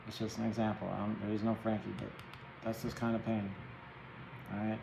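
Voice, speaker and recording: A man's voice: fairly low pitch, completely flat delivery, brisk, creaky, echoey room, background noise. A man giving a casual tarot reading, chatty and empathetic, rambling and checking in with the listener often. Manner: chatty, empathetic, rambling with many "right?" tags. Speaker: tarot reader.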